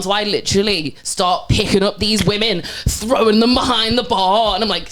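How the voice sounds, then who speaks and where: A young woman, co-hosting a podcast and telling a bar story in an animated, sweary way. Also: medium pitch, normal speed, hardly any pauses. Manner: animated, sweary, laughs often. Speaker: podcast co-host. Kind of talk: casual chat, storytelling.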